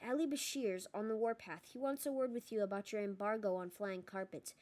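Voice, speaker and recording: A woman's voice: medium pitch, fairly quick, dark tone, lightly acted. A stiff elderly official speaks in short, dry, impatient phrases, voiced by a woman reader. The reading is firm and buttoned-up, in a storybook narration. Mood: curt. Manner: curt, dry.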